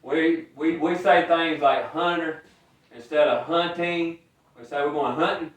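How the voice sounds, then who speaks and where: A man's voice: on the high side, unhurried. Playful Southern man, roomy distant sound. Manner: playful, jokey, mimics animal calls. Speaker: DIY vlogger. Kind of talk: casual vlog chat. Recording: echoey and distant from the mic.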